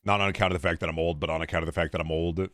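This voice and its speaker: A man's voice: sits low, level tone, racing, a bit bright, dry recording, clean studio sound. A man streaming a game with casual, sarcastic joking commentary.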